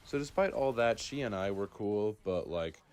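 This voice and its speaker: A man's voice: on the low side, lively intonation, normal speed, a little mellow, clear, resonant tone. A young man telling a school story in a laid-back, casual way, full of likes and fillers. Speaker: storytime narrator.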